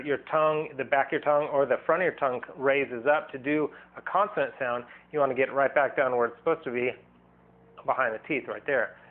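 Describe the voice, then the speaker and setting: A man at a mid pitch talks through a singing lesson in a loose, wandering way, restarting his sentences and breaking off to demonstrate sounds. The recording is narrow and tinny, like a phone line. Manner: demonstrates vocal sounds as he explains. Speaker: singing teacher. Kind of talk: casual vocal lesson video. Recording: thin, phone-like band.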